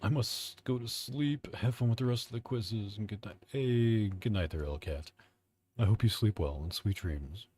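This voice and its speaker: A man's voice: on the low side, normal speed, a little mellow, breathy edge. A young man streaming from home, chatting casually, swearing freely and poking fun at himself. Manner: profane, offhand, self-mocking. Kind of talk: casual live-stream chat.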